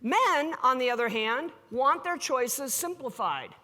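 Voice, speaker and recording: High-voiced woman speaking in a reverberant hall. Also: unhurried. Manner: animated storyteller acting out dialogue, playful with the audience. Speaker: keynote speaker. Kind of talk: live conference keynote. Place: large hall before an audience.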